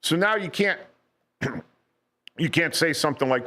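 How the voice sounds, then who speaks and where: A radio guest in a local station's studio discusses history casually, often repeating words and asking "right?" His voice is on the high side and sharp, animated yet slow, with long pauses.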